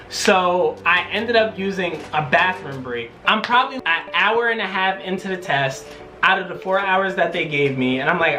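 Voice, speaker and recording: A man vlogger telling a story, acting out his own quotes with animated delivery. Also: high voice, unhurried, soft background music. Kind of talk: storytime vlog.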